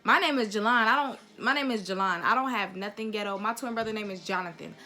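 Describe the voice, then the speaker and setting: Blunt, bright-voiced young woman ranting. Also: mid-range voice, quick pace, faint music behind. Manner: blunt, profane, emphatic. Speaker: vlogger. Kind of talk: heated opinion rant to camera.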